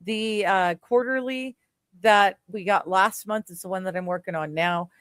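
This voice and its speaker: A woman's voice: mid-range voice, moderate pace, fairly bright tone, clean tone, no echo, clean studio sound. A woman in her forties hosting a casual chat podcast, giggly and rambling, full of fillers and restarts. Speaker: podcast host.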